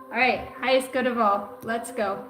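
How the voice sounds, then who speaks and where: A rambling, foul-mouthed woman running a zodiac card reading on a livestream, her voice sitting a little high. She sounds like she is in an echoey room with music running behind her. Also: steady tone, moderate pace. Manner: profane, rambling and jokey. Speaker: astrology card reader.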